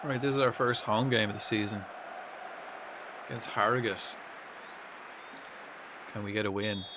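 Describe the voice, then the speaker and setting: A young man with a fairly low voice, talking casually through a live game stream. He mutters half-finished thoughts, swears when things go wrong and chats back to his viewers. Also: fairly even intonation, moderate pace, background noise.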